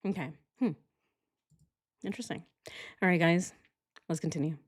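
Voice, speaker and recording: A woman hosting a casual true crime livestream, reacting with animated, sarcastic commentary and frequent laughter. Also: on the low side, normal speed.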